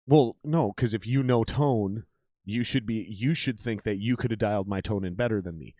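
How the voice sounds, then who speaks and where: A man hosting a podcast in a casual, animated, profane talking style. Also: on the low side, moderate pace, dry recording, clean studio sound. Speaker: podcast host.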